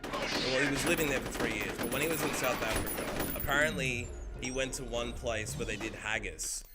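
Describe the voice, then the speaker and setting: An Australian man streaming a game, chatting casually with viewers in an excitable, rambling way and swearing freely. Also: mid-range voice, fairly quick, over loud music. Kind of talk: casual chat while gaming.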